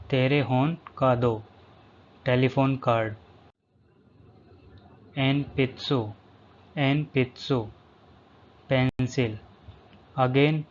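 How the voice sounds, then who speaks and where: A language teacher drills vocabulary very slowly in a medium-pitched male voice, saying each word twice before giving the English. The lo-fi recording sounds slightly dull, with a faint hum in the background.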